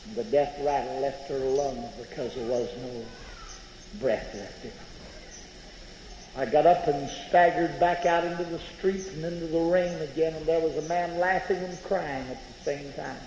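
A man preaching a revival sermon, telling a story with dramatic swings between loud outbursts and hushed near-whispers. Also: on the high side, steady tone, moderate pace, slight background noise. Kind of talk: sermon testimony. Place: large revival tent. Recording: echoey tent with long reverb.

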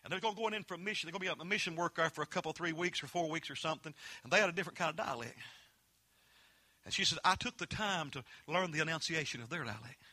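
A man preaching a holiness sermon, swinging from folksy, homey storytelling to loud, emphatic peaks. His voice is very bright and cutting, set a little above the usual male pitch. The sound is dry and close, with almost no room echo. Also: quick pace.

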